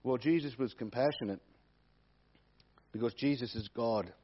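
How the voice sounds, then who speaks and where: A man's voice: medium pitch, normal speed, a little hiss or hum. A man preaching a sermon, repeating key phrases for emphasis. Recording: dull lo-fi recording.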